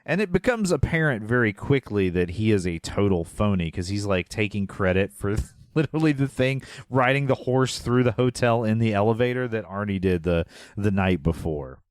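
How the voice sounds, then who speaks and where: A man with a lowish voice co-hosting a casual movie podcast. He rambles through the plot, trails off and lets laughs slip in. The recording is close and dry. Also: animated, normal speed, few pauses, no echo. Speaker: podcast co-host. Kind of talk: casual movie recap chat.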